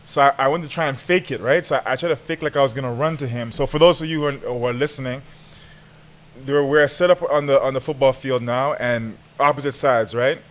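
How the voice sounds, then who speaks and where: A young man guest on a podcast, telling a story in a casual, animated, slangy way and laughing as he goes. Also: medium pitch, fairly quick.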